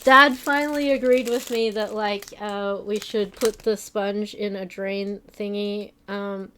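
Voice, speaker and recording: A woman's voice: medium pitch, steady tone, a little slow, pushed and bright, slight background noise. A woman streaming from her home stream room, chatting casually and rambling with fillers and self-mocking asides. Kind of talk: casual chat while unpacking on stream.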